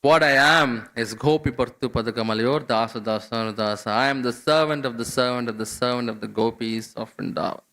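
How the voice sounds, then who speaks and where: Bright-voiced man telling a devotional story. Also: medium pitch, a little fast, hardly any pauses. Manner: conversational, frequent fillers and restarts. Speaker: speaker giving a scripture class. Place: temple.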